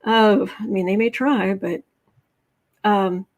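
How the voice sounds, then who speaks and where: Woman, tarot livestream host, casual and chatty, sarcastic asides while reading comments, mid-pitched voice. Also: steady tone, takes it slowly. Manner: chatty, sarcastic, reads viewer comments aloud.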